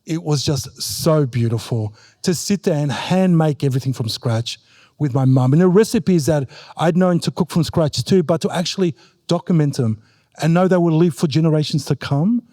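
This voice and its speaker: A man's voice: on the high side, normal speed, dry recording, studio quality. A man speaking on a festival panel as an author and advocate, telling stories animatedly and mimicking voices. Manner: animated storyteller who mimics his mother in a raised voice. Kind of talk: panel talk at a book festival.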